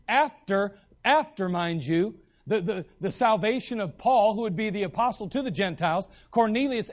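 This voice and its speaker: A man preaching a sermon in an animated way, acting out the voices in the stories he retells. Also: sits high, lo-fi sound.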